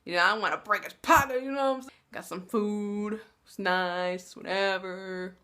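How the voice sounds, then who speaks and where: A woman in her twenties telling a story to the camera in a blunt, animated, slangy way. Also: medium pitch, normal speed. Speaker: vlogger. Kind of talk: casual storytelling.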